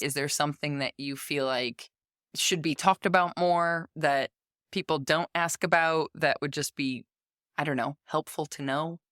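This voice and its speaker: A woman's voice: sits low, a bit bright, no echo, clean studio sound. A woman in her thirties hosting a casual podcast interview, chatty and self-deprecating. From United States. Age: 30s. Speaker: podcast host.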